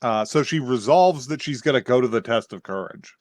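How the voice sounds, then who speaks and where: A man's voice: medium pitch, lively intonation, brisk, darkish tone, no room sound. A man co-hosting a podcast, casually recapping an anime episode, laughing often and acting out quotes with lots of fillers. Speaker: podcast co-host.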